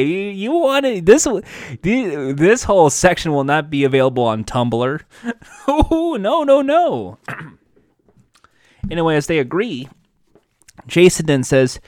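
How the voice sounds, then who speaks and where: A recap commentator talks slowly, with a voice that leaps up and down in pitch, and throws in crude, sarcastic asides. The recording is close and dry. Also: sing-song, darkish tone, no room sound. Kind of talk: comedic recap narration.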